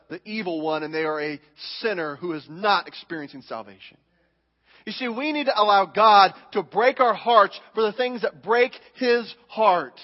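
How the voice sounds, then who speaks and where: High-voiced pastor preaching in a reverberant hall. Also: male voice. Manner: animated, acts out quoted voices of churchgoers. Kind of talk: sermon. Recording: muffled hall with long reverb.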